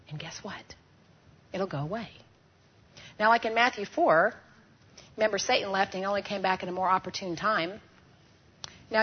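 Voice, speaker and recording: A woman teaching a women's group in a lively way, often asking the audience questions and having them fill in words. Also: mid-range voice, husky. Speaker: Bible teacher at a women's gathering. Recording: dull lo-fi recording.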